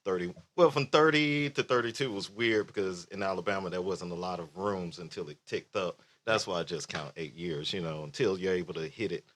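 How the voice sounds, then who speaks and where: A man's voice: low-pitched, a little fast, few pauses, fairly bright tone. A man in his thirties, a comedian, talking in a wry, self-mocking way in a casual chat. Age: 30s. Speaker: comedian guest.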